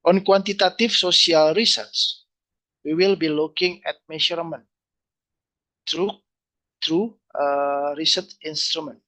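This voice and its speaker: Give me a man lecturing slowly, in a bright, fairly high voice. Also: steady tone, poor audio. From Indonesia. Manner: slow, halting, repeats phrases. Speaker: university lecturer. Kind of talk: webinar lecture.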